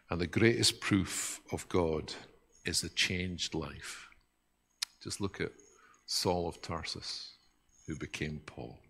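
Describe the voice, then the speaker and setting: A man preaching a sermon in an earnest, reflective way, often dropping to a soft hush. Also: deep voice. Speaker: pastor.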